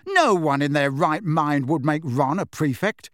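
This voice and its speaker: This is a cheeky teenage prankster from a storybook, voiced by a man reader. He talks in a breezy, mocking way, with a lively, bouncing pitch. The sound is dry and close. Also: unhurried, no room sound. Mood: teasing. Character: teasing teenage twin boy, cheeky prankster.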